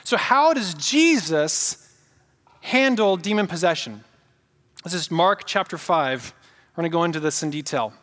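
A man's voice: a little high, lively intonation, unhurried, a bit bright, in a large hall. A male pastor preaching a sermon, emphatic, repeating key points and asking the congregation questions.

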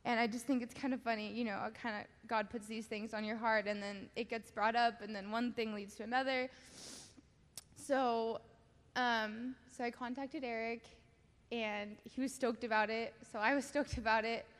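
A young woman giving a halting personal testimony at a church service, laughing often and filling pauses with "um". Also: on the high side, fairly even intonation. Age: young adult. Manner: giggly, halting, many fillers. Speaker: baptism candidate giving testimony. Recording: hall reverb.

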